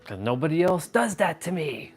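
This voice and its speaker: A man's voice: on the high side, big pitch swings, normal speed, vocal fry, soft background music. A young man hosting a casual livestream, rambling in an exasperated way with frequent laughs and offhand swearing. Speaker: livestream host.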